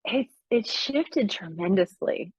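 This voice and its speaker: Expressive middle-aged woman coach, lo-fi. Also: mid-range voice, slow pace, husky, no room sound. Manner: emotional, animated storytelling with laughs. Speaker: business coach. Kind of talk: casual conversation.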